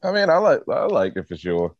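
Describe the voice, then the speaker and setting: A man in a casual chat, relaxed and halting as he gives his take. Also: mid-range voice, no echo. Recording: dry, dull lo-fi audio.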